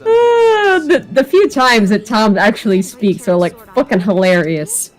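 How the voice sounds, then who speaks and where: A woman's voice: fairly high pitch, sing-song, a little slow. A woman co-hosting a game stream, chatty and giggly, going off on long explanatory tangents. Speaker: stream co-host. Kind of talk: casual chat over a game stream.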